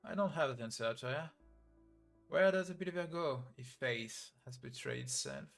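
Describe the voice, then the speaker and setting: A grieving old abbot from a video game story, read aloud by a man. He speaks slowly and heavily, every line weighed down by decades of loss and doubt. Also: mid-range voice, gravelly, soft background music, close to an everyday voice. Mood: grave. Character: weary old male abbot, sorrowful and devout.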